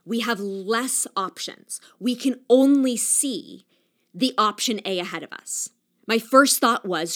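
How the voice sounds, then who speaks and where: A woman's voice: on the high side, takes it slowly. A young adult woman hosting a solo podcast, talking in an earnest, reflective way with many casual "like" fillers. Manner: earnest and reflective, talks with her hands, frequent "like" fillers. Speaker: podcast host.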